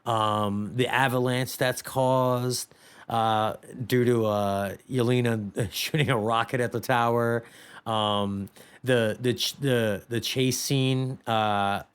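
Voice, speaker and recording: Male podcast co-host, clear resonant tone, casual rambling film chat. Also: mid-range voice, steady tone, slow pace. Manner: rambling, full of fillers and restarts. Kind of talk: casual movie discussion.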